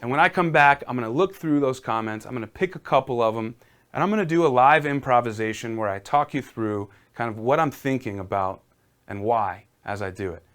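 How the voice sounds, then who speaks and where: Man teaching piano in a smooth voice. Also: mid-range voice, a little fast, a bit bright. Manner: casual, encouraging, talks viewers through exercises. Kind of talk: live-streamed piano lesson.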